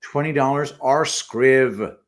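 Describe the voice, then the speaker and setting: A man co-hosting a casual livestream, reading viewer messages aloud and adding quick remarks. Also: medium pitch. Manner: reads super chats aloud with quick asides. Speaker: co-host reading donor messages.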